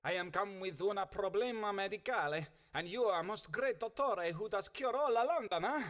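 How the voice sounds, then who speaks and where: An actor playing a boastful Venetian gentleman in a video game, with a thick comic Italian accent that mixes in Italian words. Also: high voice, expressive, normal speed. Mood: theatrical.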